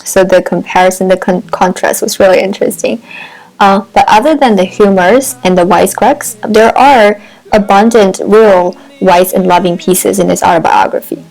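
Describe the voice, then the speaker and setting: A woman talks through a book review in a reflective, wordy manner, with pauses and restarts between ideas. Her voice sits at an ordinary middle pitch. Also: a little mellow, poor audio. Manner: thoughtful, wordy, with fillers and restarts.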